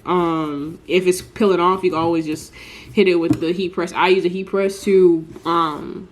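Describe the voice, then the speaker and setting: A woman's voice: on the low side, steady tone, normal speed, slight background noise. Congested woman in a chatty craft vlog. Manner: chatty, rambling with many fillers. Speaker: small business crafter. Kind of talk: casual tutorial vlog.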